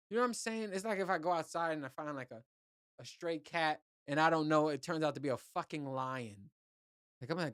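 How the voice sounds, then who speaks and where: A man's voice: a little high, brisk, smooth, no echo, clean studio sound. A man hosting his own podcast, talking in a loose, rambling and profane way. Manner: rambling, profane, laid-back. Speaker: podcast host. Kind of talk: casual solo podcast monologue.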